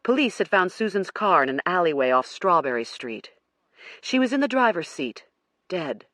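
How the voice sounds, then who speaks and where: An audiobook narrator reading a first-person crime thriller in a measured storytelling manner. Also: mid-range voice, very animated, a bit bright, dry recording.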